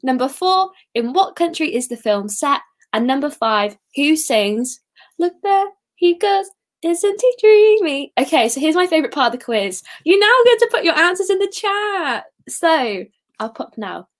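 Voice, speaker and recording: Chatty high-voiced woman hosting a quiz. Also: sing-song, normal speed. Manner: chatty and giggly, sings snippets. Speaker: quiz host. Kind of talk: casual live-stream quiz.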